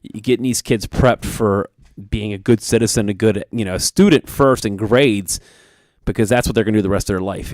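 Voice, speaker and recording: A man's voice: lowish voice, darkish tone, dry recording. A man co-hosting a radio sports show, talking in an earnest, rambling way about coaching, with plenty of fillers. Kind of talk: casual radio talk.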